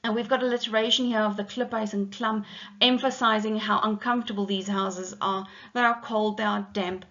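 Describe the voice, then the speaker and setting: A woman's voice: mid-range voice, steady tone, fairly quick, sharp tone, lo-fi sound. A middle-aged woman teacher, explaining a poem line by line in a methodical way with frequent ums. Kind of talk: poetry lesson.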